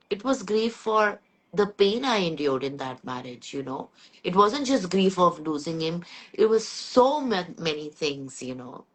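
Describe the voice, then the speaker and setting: A woman's voice, pitched on the low side, speaks candidly and earnestly. She is middle-aged and talks in a reflective podcast conversation, sharing something personal at an unhurried, thoughtful pace. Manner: candid, earnest storytelling about personal grief. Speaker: podcast host.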